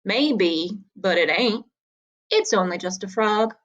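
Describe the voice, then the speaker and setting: A woman's voice: mid-range voice, expressive, slow pace, a bit bright, dull audio. A woman voicing a sly male frontier gambler who talks in an offhand, folksy drawl.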